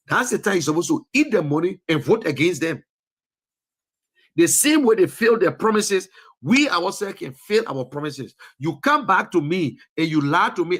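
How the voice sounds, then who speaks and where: Impassioned husky man, Liberian English. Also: fairly high pitch. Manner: preachy, rising to scolding peaks. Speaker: political commentator. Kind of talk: impassioned political talk show monologue. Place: lives in the US.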